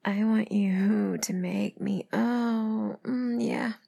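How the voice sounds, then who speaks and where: A young adult woman in a whispered role-play, speaking in breathy whispers and low murmurs, giving commands while chewing and sighing. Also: fairly even intonation, very slow, warm tone. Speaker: audio role-play performer.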